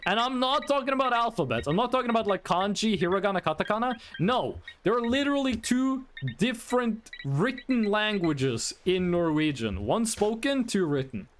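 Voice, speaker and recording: A male streamer who grew up in Norway talks over a desk mic in a high, swooping voice. He tells a story in a chatty, rambling way and keeps breaking off to answer his chat. A faint noise sits under the recording. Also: lively intonation, moderate pace, fairly bright tone. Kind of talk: casual storytelling to live chat.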